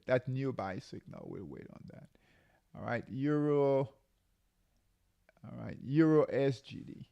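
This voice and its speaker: A man's voice: a little high, creaky, no echo, clean studio sound. A man hosting a live market update, calling buy and sell signals and repeating his warnings, with many fillers and restarts. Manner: repeats himself, drawn-out warnings, calls out signals. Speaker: trading show host.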